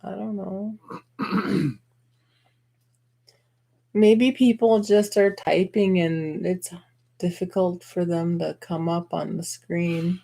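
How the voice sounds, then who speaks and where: A woman's voice: on the low side, steady tone, slow pace, creaky, pauses often, warm tone. A woman co-hosting a casual live radio-style stream, bantering and laughing often. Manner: giggly, playful banter. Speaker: co-host.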